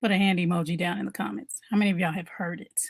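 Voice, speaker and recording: A woman's voice: lowish voice, fairly even intonation, racing, gravelly, no room sound. Female mom coach, casual motivational talk to camera, repeats points, dry room sound. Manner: conversational, repeats key points, asks viewers questions.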